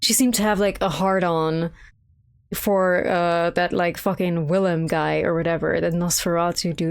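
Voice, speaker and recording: A woman's voice: on the low side, fairly even intonation, normal speed, clean tone. A young woman giving casual, profane commentary while playing a video game, rambling and incredulous. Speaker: game streamer.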